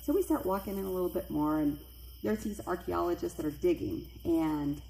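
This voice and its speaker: A middle-aged woman telling a personal spooky story, lively and acting out the voices of the people in it. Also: brisk, creaky, a little hiss or hum. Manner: animated, acts out quoted voices with big pitch jumps. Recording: echoey room with faint ambience.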